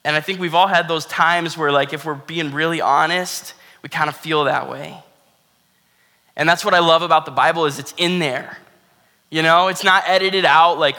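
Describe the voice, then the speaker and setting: A man's voice: a little high, steady tone, moderate pace, bright, forceful tone. A man giving a casual, earnest sermon, talking conversationally with lots of "like" and "you know". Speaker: pastor. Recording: long hall reverb.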